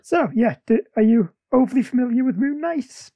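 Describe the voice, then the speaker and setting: A man hosts a casual podcast, trading playful jokes and quick asides. His voice is husky, and the sound is close and dry. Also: very high voice, animated, warm tone, dry recording. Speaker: podcast host.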